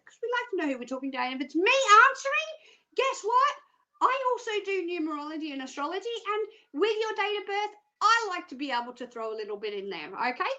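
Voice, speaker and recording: A high, bright Australian woman hosting a psychic phone-in show. She talks in a chatty, self-mocking way with easy giggles, moving between crystal readings and cheerful pitches to callers. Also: poor audio. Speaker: psychic phone-line presenter.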